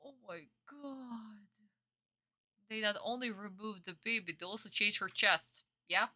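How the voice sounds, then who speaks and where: A woman's voice: mid-range voice, unhurried, bright, forceful tone. A young woman streaming her reaction to a dubbed anime, chatting casually with viewers, exasperated, swearing and bursting into laughs.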